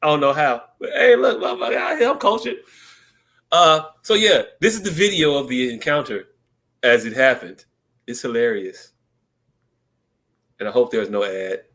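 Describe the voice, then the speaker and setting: A man co-hosting a podcast, talking in animated, joking banter with drawn-out storytelling. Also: mid-range voice. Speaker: podcast co-host.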